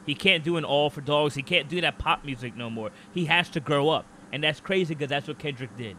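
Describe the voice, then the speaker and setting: A man co-hosting a casual podcast, animated and opinionated, often slipping into quick impressions of what other people would say. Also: a little high, slight background noise. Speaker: podcast co-host.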